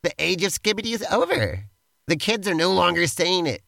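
Gravelly, animated, upbeat comedic host. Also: male voice, sits high, a little fast, no echo. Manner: upbeat, teasing, playfully pushy. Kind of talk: comedic improvised role-play banter.

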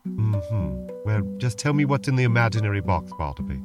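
A man's voice: fairly low pitch, sing-song, brisk. A man co-hosting a comedic role-play podcast, fussy, prim and reluctant in his banter, over background music. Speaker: podcast co-host. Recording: music playing behind.

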